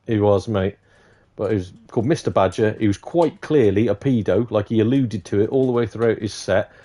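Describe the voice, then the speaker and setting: A man's voice: lowish voice, fairly quick, dark tone. A man hosting a live stream, chatting casually and rambling, swearing freely. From Shropshire, England. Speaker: livestream host.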